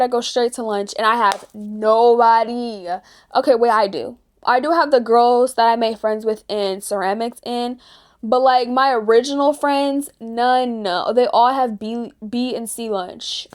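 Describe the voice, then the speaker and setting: A 16-year-old girl vlogger chatting casually and ranting, with lots of "like". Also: a little high. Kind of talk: casual chat.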